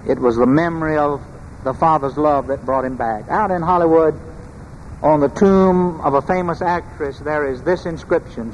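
A man with a high voice preaches a sermon, measured and emphatic, and he pauses on rhetorical questions. His words ring through a large church with a long reverb, over a faint background hum. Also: lo-fi sound.

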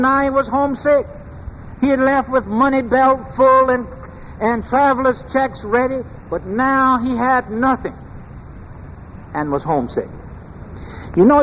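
A man preaching a sermon in a church, speaking in a measured, emphatic way and asking rhetorical questions. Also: extremely high pitch, highs cut off. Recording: long hall reverb, faint background noise.

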